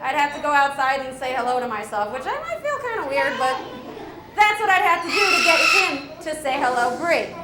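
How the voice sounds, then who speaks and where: A woman's voice: high voice, big pitch swings, a little fast, echoey room, a loud crowd, very noisy. A woman wildlife educator giving an upbeat live animal presentation to children, asking them questions and laughing often.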